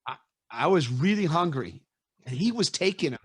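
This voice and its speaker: Animated storytelling man, fairly high voice. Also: normal speed, breathy edge, no room sound, studio quality. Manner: animated storyteller, acts out quotes with laughs. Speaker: host. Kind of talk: casual storytelling interview.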